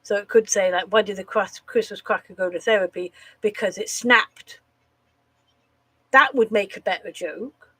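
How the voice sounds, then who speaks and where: A woman's voice: medium pitch, moderate pace, a bit bright, breathy edge, dry recording, rough recording. A woman chatting casually on a live stream, rambling, swearing freely and laughing at her own jokes.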